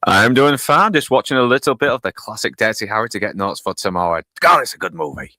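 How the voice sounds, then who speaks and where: A man's voice: on the low side, lively intonation, fast, bright, forceful tone, no room sound, studio quality. A man with a Northern English accent, a regular co-host bantering dryly and swearing in casual chat.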